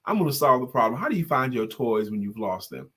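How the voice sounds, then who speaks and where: A man co-hosting a talk show, chatting casually and telling animated stories. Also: medium pitch, fast talker, breathy edge. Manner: animated storyteller, acts out voices in jokes and stories. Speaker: podcast co-host. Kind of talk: casual chat with storytelling.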